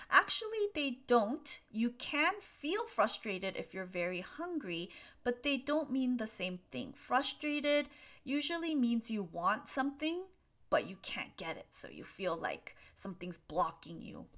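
A woman's voice: a little high, a bit bright. A young woman hosting a live English Q&A, answering chat questions patiently with frequent ums.

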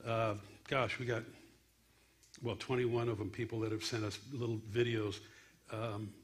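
A man's voice: on the low side, flat delivery, measured pace. A man hosting a comedy night, making loose, rambling announcements to the audience. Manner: loose, rambling, with fillers and restarts. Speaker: event host. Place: church comedy venue on stage.

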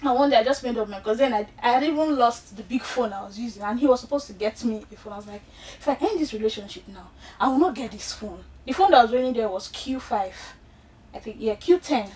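A young Nigerian woman, appearing as a guest storyteller, shares a personal story in a casual chat, speaking quickly at a fairly high pitch. She's animated and acts out the quoted dialogue in different voices. She sounds far from the mic.

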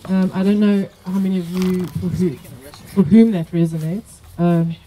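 A woman moderating a poetry workshop, explaining in a hesitant way with many pauses and fillers. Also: on the low side, fairly even intonation, mellow, slight background noise, rough recording. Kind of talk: academic discussion. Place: workshop room.

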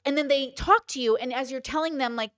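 A young woman talks straight to her listeners in an emphatic, casual way, stressing her points by repeating them. Her voice sits a little high, and the sound is dry and close, with no room echo. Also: a little fast, fairly bright tone. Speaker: podcast host. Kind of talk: casual advice talk.

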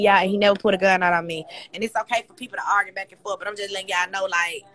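A woman, ranting tearfully on a phone livestream, her voice cracking as she shouts and curses. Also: medium pitch, fairly even intonation, racing, hardly any pauses, poor audio. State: crying. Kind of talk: emotional livestream rant.

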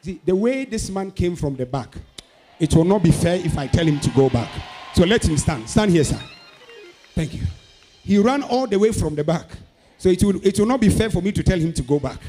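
A man preaching a sermon, moving between fervent, rhythmic chanted declarations and calmer teaching. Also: sits high, fairly quick, faint music behind.

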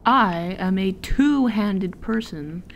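A woman's voice: mid-range voice, animated, slow pace, slight background noise. A woman streamer giving casual, playful commentary while playing a game, giggling and swearing freely. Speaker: gameplay streamer.

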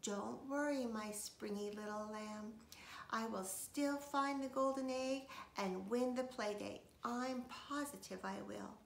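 A woman voicing a scheming, dramatic little boy who often drops to a hush, read from a storybook. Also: on the high side, slow, creaky. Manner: hushed and secretive at times. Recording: echoey room, faint noise.

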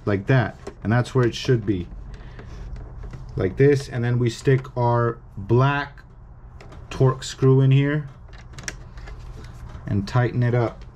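A man's voice: medium pitch, darkish tone, a little hiss or hum. A man walking viewers through a hardware repair step by step, in a casual, instructive way that stresses the warnings. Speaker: repair technician.

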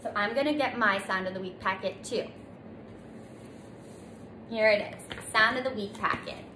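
A woman teaching a children's circle time lesson in a gentle, sing-song way, stretching out letter sounds for little ones to repeat. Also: medium pitch, moderate pace. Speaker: preschool teacher. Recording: echoey room, faint noise.

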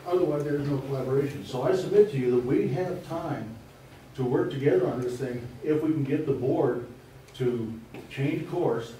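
A man gives public comment in a formal, pointed way, and his mellow tone carries across a large meeting room. He is picked up from a distance, with a strong echo and a faint hum behind him. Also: mid-range voice, normal speed. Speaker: resident speaking at public comment. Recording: echoey hall, mic at a distance, faint noise.

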